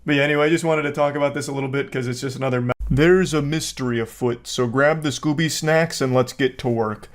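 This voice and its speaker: A man giving casual comedic commentary, joking in a deadpan, mock-serious way. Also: medium pitch, quick pace. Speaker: online commentator.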